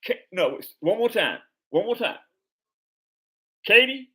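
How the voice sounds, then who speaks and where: A man's voice: sits high, expressive, normal speed. A man hosting a live stream chat, talking casually in slang and stumbling over repeated words.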